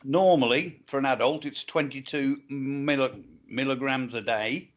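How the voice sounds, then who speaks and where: A man's voice: mid-range voice, unhurried, highs cut off. A man chatting casually on a stream, answering briefly and matter-of-factly. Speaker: stream co-host. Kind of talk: casual chat.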